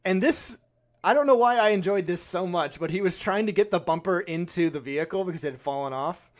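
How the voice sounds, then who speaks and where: A man's voice: high-pitched, a little fast. A young man co-hosting a podcast, chatting casually about a movie, laughing often and acting out lines in silly voices. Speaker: podcast co-host. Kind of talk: casual movie review chat.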